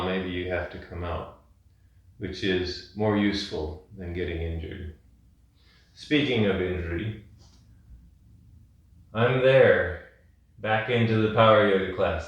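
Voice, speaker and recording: A man leading a yin yoga class, giving calm, gentle cues and telling a rambling personal story. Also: lowish voice. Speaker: yoga instructor. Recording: echoey room, distant mic.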